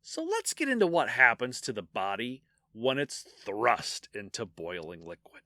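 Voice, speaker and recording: A man's voice: mid-range voice, moderate pace, no echo, clean studio sound. A man co-hosting a podcast, telling grim history stories in a casual, joking way. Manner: animated storyteller, jokes about grim details. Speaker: podcast co-host.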